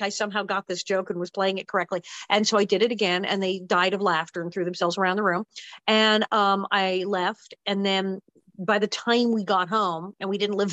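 An older woman, an actress, telling a lively story about her early career in an interview, full of quick asides and acting out the people she talks about. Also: medium pitch, no room sound, low-quality recording. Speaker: actress guest. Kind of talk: animated anecdote telling.

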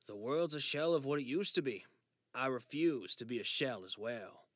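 A male narrator voicing an ailing father facing memory loss, who speaks in a steady, gently insistent way in an audiobook reading. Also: medium pitch, normal speed, dry recording, studio quality. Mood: resolved, tender.

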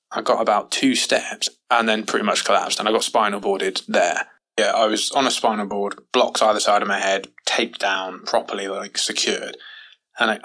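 A man telling his story in a lower, bright and forceful voice. He jumps up in pitch when he acts out what others said, casual and animated throughout. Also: poor audio. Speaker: guest recounting an accident.

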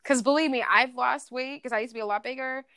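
A woman's voice: high voice, fast, bright, forceful tone, clear, resonant tone, dry recording, studio quality. Candid young woman telling a story. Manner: candid, profane, filler-heavy storytelling. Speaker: podcast guest. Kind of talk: casual podcast chat.

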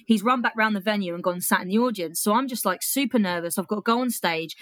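A woman's voice: medium pitch, quick pace, a bit bright, no echo. A young British woman, a comedian and poet, telling a story casually with swearing and laughter, then reading a poem aloud. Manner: chatty, swears freely, laughs between lines.

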